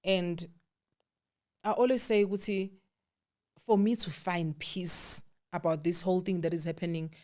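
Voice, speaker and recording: A South African woman, a guest telling a personal story in a candid, animated way, voicing the people she quotes and dropping to a hush at times. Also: on the low side, unhurried, pauses often. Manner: candid, animated quoting of others, drops to hushed tones.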